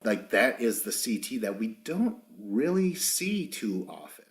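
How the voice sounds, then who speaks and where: A man with a slightly low voice talks through a casual podcast recap, rambling loosely and swearing often. He keeps slipping into quick bits of what other people said. He is recorded without a proper microphone. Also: very animated. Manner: rambling, profane, acts out quotes. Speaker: podcast host.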